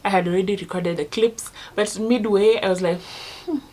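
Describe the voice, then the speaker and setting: A woman's voice: mid-range voice, fairly even intonation, fairly quick. A young woman with a Kenyan accent, chatting casually in a rambling storytelling vlog and laughing at herself. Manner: drops to a hushed voice at times. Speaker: vlogger.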